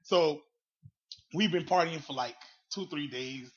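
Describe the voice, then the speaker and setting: A man's voice: on the high side, unhurried, breathy edge. A man with a Southern US accent co-hosting a casual podcast, talking bluntly and profanely and rambling through stories. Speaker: podcast co-host. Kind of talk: casual storytelling chat. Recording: dull lo-fi audio.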